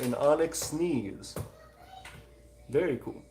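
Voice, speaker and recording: A man's voice: medium pitch, lively intonation, normal speed, soft background music. A man hosting a casual livestream, chatting easily with viewers and thanking them, with lots of fillers. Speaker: livestream host.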